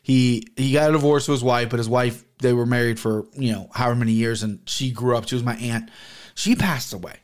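Excitable rambling podcast host man. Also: mid-range voice, fairly quick. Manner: rambling, excitable, swears casually. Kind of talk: casual solo podcast talk. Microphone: camera and podcast mic.

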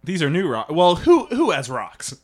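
A man playing an inquisitive podcast host who asks probing questions, deadpan, in an improvised comedy podcast. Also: a little high, normal speed.

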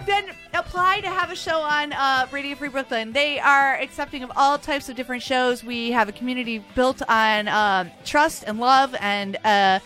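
A woman hosting a community radio show in a studio, chatting loosely with guests, swearing freely and filling pauses with "uh". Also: high-pitched, sharp tone, faint music behind. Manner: swears freely, many "uh" fillers, loose and joking. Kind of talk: casual on-air banter. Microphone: studio microphone.

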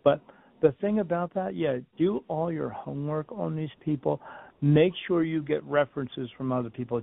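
A man's voice: on the high side, gravelly, dry recording. A man, a medium, talking as a guest in a casual interview, rambling through stories and acting out what people said. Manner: rambling storyteller, repeats and restarts, acts out quotes. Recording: phone-like remote call audio.

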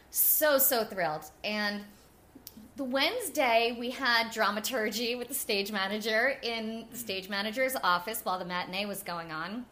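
Bright, chatty New woman. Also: mid-range voice, normal speed, slight background noise. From New Jersey. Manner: animated and chatty, with frequent "like" and laughter. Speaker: guest. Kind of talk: casual interview storytelling.

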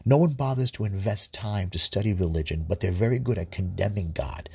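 A man's voice: low voice, brisk, gravelly, darkish tone, breathy edge, dry recording. A man giving informal scripture commentary, earnest, often repeating words and restarting sentences. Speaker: Bible study host.

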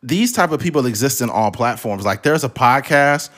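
A man's voice: medium pitch, moderate pace. A man co-hosting a podcast in casual chat, cursing freely and mimicking voices for comic effect. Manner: animated, swears freely, mimics voices for jokes. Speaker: podcast co-host.

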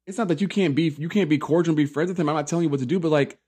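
A man in his thirties hosting a podcast, giving a sassy, animated, profane reality-TV recap full of asides. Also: a little high, very fast, few pauses, husky. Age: 30s. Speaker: podcast host.

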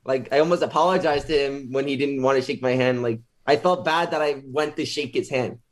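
A man being interviewed as a guest, casually retelling a story with lots of filler words and animated quotes. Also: mid-range voice, brisk.

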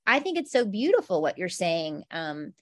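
A woman's voice: on the low side, sing-song, moderate pace. A woman hosting a conversation, reflecting back to her guest in an encouraging, thoughtful way. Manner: encouraging, reflective, many "like" fillers. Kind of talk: supportive conversational chat.

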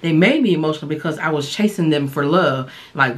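A woman hosting a podcast, giving casual, candid dating advice and sharing her own experience in a relaxed, colloquial way. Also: sits low, fast, hardly any pauses. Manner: relaxed colloquial delivery with frequent fillers. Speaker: podcast host and dating coach.

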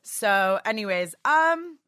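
A woman's voice: mid-range voice, animated, takes it slowly, pushed and bright, dry recording, clean studio sound. A woman in her thirties chatting as a podcast guest, telling stories in a bubbly way with lots of fillers. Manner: bubbly storyteller, lots of likes. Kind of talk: casual chat.

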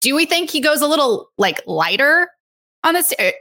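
A woman's voice: sits high, very animated, moderate pace, sharp tone. A woman hosting a sports podcast, leading the chat in an upbeat, optimistic way.

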